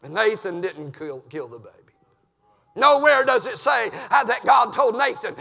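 A man preaching an impassioned sermon in a church, dropping to low murmurs and climbing to shouted peaks. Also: sing-song, normal speed, vocal fry, long reverb tail.

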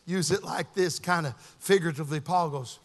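A man preaching a sermon in a church, swinging from sing-song shouting down to hushed, quiet passages. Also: fairly high pitch, fairly quick. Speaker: pastor. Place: church sanctuary. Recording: long hall reverb.

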